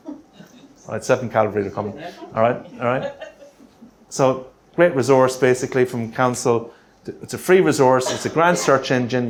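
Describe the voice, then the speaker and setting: A man presenting a grant writing workshop, punchy and energetic, checking in with the room with quick rhetorical questions. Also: mid-range voice, noisy background. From Australia.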